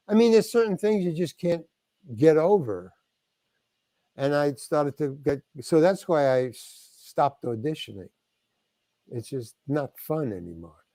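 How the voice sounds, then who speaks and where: A man's voice: a little high, sing-song, a little slow, dark tone, no room sound. An older man from New York, a guest actor telling stories in a rambling way, full of restarts and acted-out lines from other people. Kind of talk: casual interview storytelling.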